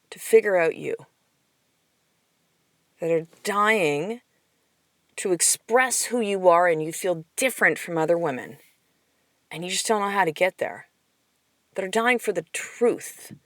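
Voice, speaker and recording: A woman's voice: on the low side, dry recording. Blunt, profane woman podcast host. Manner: blunt, profane, fired-up coaching talk. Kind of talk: motivational podcast monologue.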